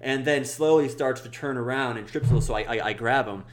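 A young man on a podcast, telling a story casually and acting out the people in it. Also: quick pace. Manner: animated, acts out quoted people in a high voice. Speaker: podcast co-host.

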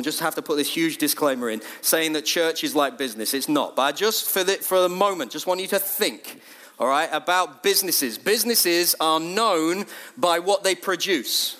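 Lively high-voiced church leader. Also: male voice. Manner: lively, conversational, acts out quotes in a raised voice. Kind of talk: sermon.

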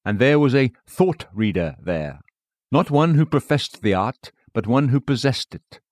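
A man's voice: medium pitch, animated, unhurried, dry recording, clean studio sound. A man preaching a sermon to a congregation in a solemn, rhythmic cadence.

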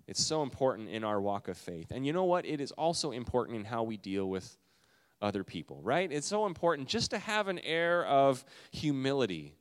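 A male pastor delivers a sermon at an ordinary mid pitch. His tone is earnest and conversational. He leans on rhetorical questions and talks directly to his listeners. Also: sing-song, moderate pace, in a large hall.

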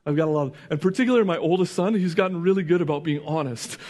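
A middle-aged man with a notably high voice preaches a sermon, earnestly putting questions to the congregation. He restarts phrases often and checks in with "right?" and "okay?". His voice carries a long reverb, as in a large hall. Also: racing, a little mellow. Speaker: pastor.

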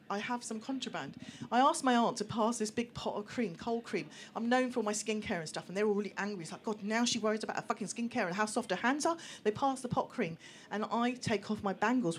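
A woman telling a personal story to a live audience, lively and acting out voices of other people. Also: on the high side, a little hiss or hum. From England. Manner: animated, acts out voices, laughs through the telling. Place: small venue room with an audience.

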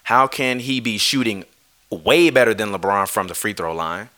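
A man's voice: lowish voice, expressive, moderate pace, pushed and bright. A man ranting on a live stream, heated and swearing, often breaking off to apologize. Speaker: streamer ranting about basketball.

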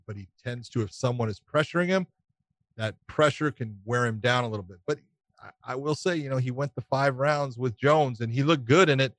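A man's voice: medium pitch, dry recording. Former ref guy telling stories, laid back, dry mic. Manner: relaxed anecdotes with quoted dialogue. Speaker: former referee, podcast co-host. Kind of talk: casual chat.

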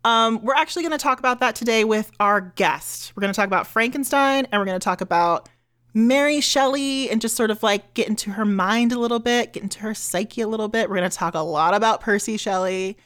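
A woman's voice: a little high, a little fast, fairly bright tone. A woman co-hosting a podcast, chatting casually with lots of ums and giggles. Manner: chatty, filler-heavy, giggly. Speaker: podcast co-host. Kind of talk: casual chat.

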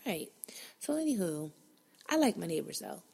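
Gravelly, husky-voiced woman telling a story. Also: on the low side, very animated, moderate pace, darkish tone. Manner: blunt and profane, acts out her own inner quotes. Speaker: podcast host. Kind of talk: casual storytelling monologue.

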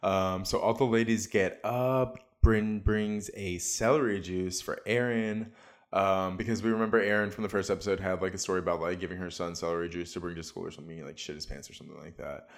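Man, very low voice, casual recap host, sarcastic, filler-heavy chat. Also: steady tone, brisk. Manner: chatty, sarcastic, lots of likes and ums.

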